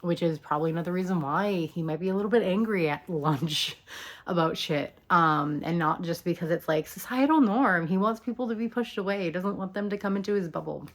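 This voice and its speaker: A woman's voice: on the low side, brisk. A woman talking casually as a video commentator, chatty with lots of ums and likes and casual swearing.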